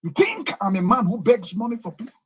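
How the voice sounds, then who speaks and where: A man's voice: high voice, sing-song, fast, slightly rough, low-quality recording. A man with a Nigerian English accent, a pastor ranting indignantly and repeating himself in a preaching tone. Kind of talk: angry rant played on a talk show.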